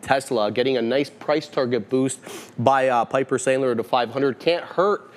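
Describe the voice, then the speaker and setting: Man rattling off market headlines. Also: medium pitch. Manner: brisk headline delivery, wry asides. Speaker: stock market show host. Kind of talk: live market headline rundown.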